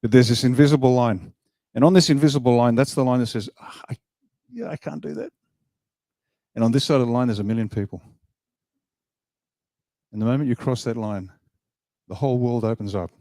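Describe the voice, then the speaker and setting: A man's voice: mid-range voice, fairly quick, long pauses, no room sound, clean studio sound. A man giving an emphatic motivational speech at an event, joking with the crowd. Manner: emphatic, animated, jokes with the crowd. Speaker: party leader giving a speech. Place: event hall.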